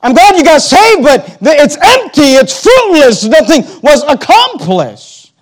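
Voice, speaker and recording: A man preaching a sermon, emphatic, slowing down on key words, repeating phrases and turning to the congregation with asides. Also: extremely high pitch, big pitch swings.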